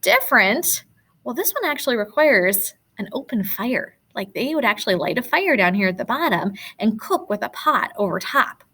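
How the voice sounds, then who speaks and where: Woman teacher, patient and encouraging, animated pitch, walks kids through answers. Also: normal speed, breathy edge. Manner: patient, encouraging, explaining step by step. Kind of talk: recorded classroom lesson.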